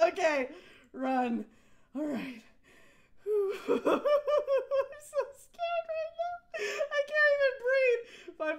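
A young woman playing a horror game for her channel, jumpy and giggly, squealing at the scares and chatting to her viewers in between. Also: sits high. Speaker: gaming YouTuber. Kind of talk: horror game let's play commentary. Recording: game music playing behind.

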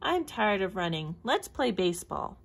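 A woman's voice: mid-range voice, sing-song, normal speed, vocal fry, husky, heavily acted. A woman reading a storybook, voicing a stubborn, bossy young turtle boy who gives orders. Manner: insistent, orders others around.

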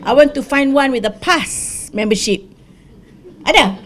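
An older Malaysian woman with a Malaysian English accent, a former MP giving an animated business school talk, mixing English with Malay. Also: high-pitched, measured pace, slight background noise. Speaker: guest speaker, former MP. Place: studio.

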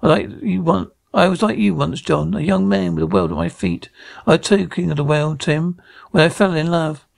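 A man's voice: on the high side, moderate pace, vocal fry. An actor playing a pushy, upbeat, middle-aged real estate salesman in a small town, talking in a chatty sales patter. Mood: nostalgic. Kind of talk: TV drama acting.

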